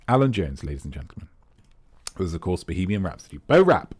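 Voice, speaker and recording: A man with a lowish voice runs a trivia quiz and reads each question and answer in a loose, chatty way. His delivery swings widely up and down as he wanders off into jokey tangents and little side facts. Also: very animated, fast talker, darkish tone, husky, dry recording, studio quality. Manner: playful, rambling, jokey tangents. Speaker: quiz host. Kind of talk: casual quiz read-out with chatty asides.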